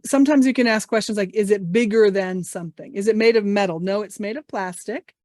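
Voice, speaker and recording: A woman's voice: medium pitch, a little fast, a little mellow, no room sound, studio quality. A woman teaching English over a video call, playfully leading a guessing game. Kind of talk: online teaching session. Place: home office.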